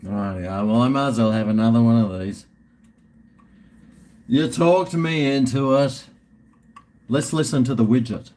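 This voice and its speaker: A man's voice: medium pitch, measured pace, long pauses, background noise. A middle-aged Australian man hosting a live stream, rambling and swearing in casual banter with his viewers.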